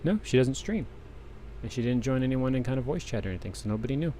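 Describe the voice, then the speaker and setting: On a desk microphone with slight background noise, a man hosts a casual livestream while cross-stitching. His mid-range, dark-toned voice is animated and fast, and he rambles with many restarts as he works the thread.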